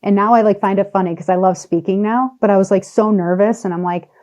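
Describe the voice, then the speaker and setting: A woman, a podcast guest, tells a personal story in animated, emphatic conversation and slows down or speeds up for effect. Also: medium pitch.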